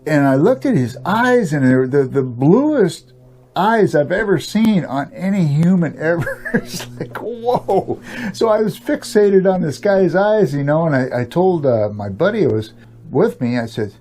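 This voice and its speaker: Older man, mellow, rambling storyteller. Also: on the high side, very animated, unhurried, slight background noise. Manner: rambling, chuckles often, many "you know" fillers. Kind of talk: casual spoken storytelling.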